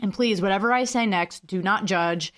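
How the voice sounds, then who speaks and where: A woman's voice: mid-range voice, moderate pace, a bit bright. Young female podcast host, chatty and self-deprecating, casual solo talk with frequent apologies.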